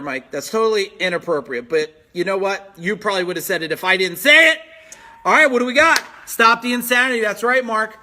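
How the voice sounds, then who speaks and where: Energetic male business coach, very high, sharp voice, pushy and repetitive, live from home. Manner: energetic, pushy, repeats phrases for emphasis. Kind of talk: motivational live-stream talk reading viewer comments.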